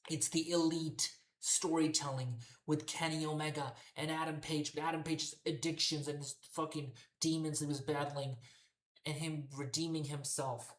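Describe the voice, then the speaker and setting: The wrestling podcast host here is a man whose voice runs on the high side, delivered flatly at normal speed in an echoey, roomy recording. He rants exasperatedly about wrestling, cursing constantly.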